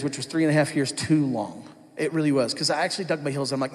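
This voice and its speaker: A man's voice: on the high side, quick pace, few pauses. A man giving his testimony at church, telling his story candidly and acting out his past self. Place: church hall. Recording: long hall reverb.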